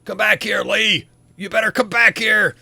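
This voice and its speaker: A man voicing a big brutish man shouting after a fleeing thief in a tabletop game. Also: high-pitched, fairly even intonation, moderate pace, gravelly, no room sound, pitched above the performer's own voice, exaggerated voice. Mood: furious. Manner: shouting angrily.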